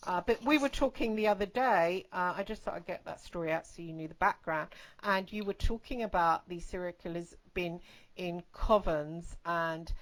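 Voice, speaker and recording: A woman podcast host talks through a personal story in loose, conversational fashion. She is blunt and swears freely, wanders into asides, and lowers into a hushed, intense delivery for the unsettling moments. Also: moderate pace, rough recording.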